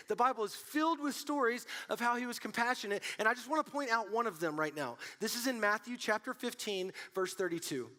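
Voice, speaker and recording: A young man preaching a casual youth sermon, telling stories with lots of fillers and an animated delivery. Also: very high-pitched. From Colorado. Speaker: youth pastor.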